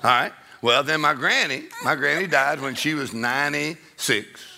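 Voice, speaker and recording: A male comedian doing stand-up storytelling, animated and acting out people with sudden high shouts. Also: moderate pace, gravelly, a crowd in the background.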